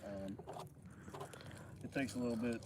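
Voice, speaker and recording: Plain-spoken Arkansas farmer, noisy outdoors. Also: male voice, mid-range voice, steady tone, unhurried, darkish tone. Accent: Arkansas Southern. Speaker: cattle farmer vlogger. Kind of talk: casual livestream chat. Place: outdoors on a farm near cattle.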